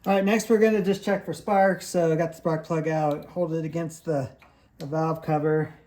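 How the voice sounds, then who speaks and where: Relaxed repair tech thinking aloud. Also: medium pitch, moderate pace, noisy background. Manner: thinking aloud while working, relaxed and plain-spoken. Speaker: small engine repair technician. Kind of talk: casual hands-on repair walkthrough. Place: small engine repair shop.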